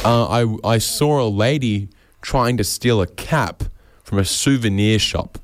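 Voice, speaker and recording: A man with an Australian accent hosting a comedy podcast, rambling sarcastically and jumping into high mocking voices when he quotes people. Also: a little slow, soft background music. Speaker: podcast host.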